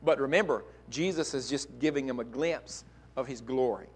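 A male pastor preaching a sermon, dropping to quiet asides and climbing to loud, emphatic peaks. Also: normal speed, breathy edge. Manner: swings from soft asides to loud, high-pitched emphatic preaching.

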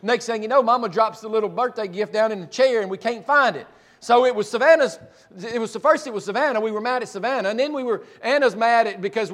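A man preaching with a notably high voice. He tells the scripture story in a folksy, chatty manner, often restarting his sentences as he goes. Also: quick pace, a bit bright. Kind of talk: sermon, retelling scripture.

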